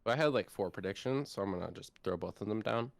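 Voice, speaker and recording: A man's voice: fairly low pitch, quick pace, gravelly, no echo. A man of about twenty, co-hosting a casual podcast chat and telling a long, rambling story with lots of energy. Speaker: co-host.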